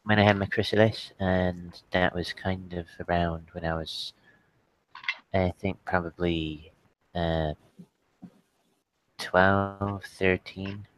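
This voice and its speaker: A man's voice: low voice, fairly even intonation, slow pace, long pauses, a little hiss or hum, poor audio. A man playing a tabletop game who rambles, filling his talk with "you know" and "like". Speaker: player. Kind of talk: casual tabletop role-play.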